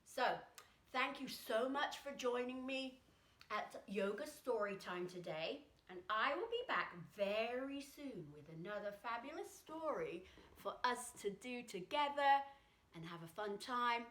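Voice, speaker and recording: Bright, sing-song woman telling a kids' story. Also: a little high, a little slow, roomy sound. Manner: animated, sing-song, drops to soft near-whispers for breathing cues. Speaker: children's yoga teacher. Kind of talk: children's storytime narration.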